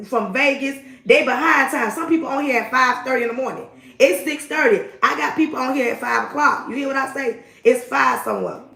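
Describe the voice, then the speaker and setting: A woman's voice: high-pitched, gravelly, bright, forceful tone, reverberant. A woman from the United States, hosting a casual livestream with emphatic, repetitive greetings. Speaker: livestream host.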